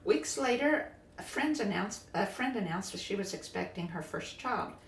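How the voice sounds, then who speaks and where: A woman podcast host and biofield tuner telling a personal spiritual story in a soft, earnest way, often halting and restarting. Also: medium pitch, lively intonation, slight background noise. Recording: roomy echo, distant from mic.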